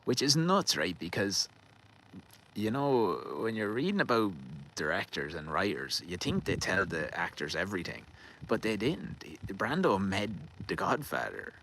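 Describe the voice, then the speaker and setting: Low-voiced Irish man rambling outdoors. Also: very animated, measured pace, a bit bright, a little hiss or hum, low-quality recording. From Ireland. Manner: swearing, laughing, stumbling over names. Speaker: vlogger. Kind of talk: casual rambling anecdote. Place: garden outdoors.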